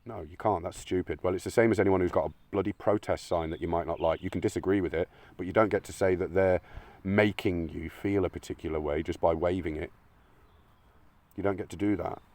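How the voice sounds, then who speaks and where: A man's voice: deep voice, steady tone, a little fast, a little mellow, dry recording. A man giving a blunt, argumentative monologue, swearing often. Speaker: channel host. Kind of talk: opinionated monologue.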